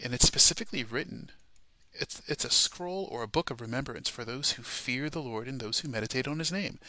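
A man's voice: medium pitch, pushed and bright, dry recording. A man preaching a sermon, emphatic and repetitive, peppering his points with rhetorical questions.

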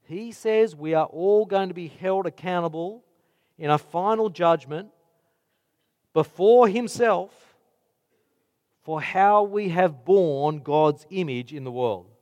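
A man with a high voice preaches a sermon at an unhurried pace, setting his words apart with weighty pauses. A long hall reverb trails behind his voice. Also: a little mellow, highs cut off.

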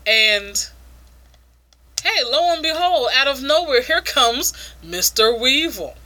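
Woman, comic reviewer, crude and frank, amused, bright voice, fairly high. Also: expressive, slow pace.

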